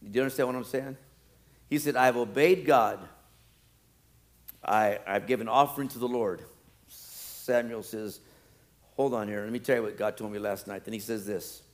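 A male pastor preaching a sermon, animated, swinging from loud pleading to quiet, low asides. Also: normal speed, long pauses.

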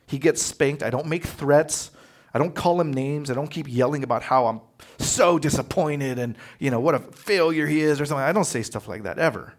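A man preaching a sermon as pastor, animated and conversational, acting out quotes as he tells stories. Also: mid-range voice. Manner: animated storytelling, acts out quotes.

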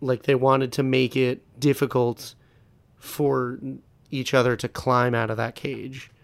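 A man's voice: mid-range voice, level tone, a little slow, gravelly, no echo. A young man co-hosting a podcast, chatting casually with short interjections and frequent fillers. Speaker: podcast co-host. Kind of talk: casual wrestling review chat.

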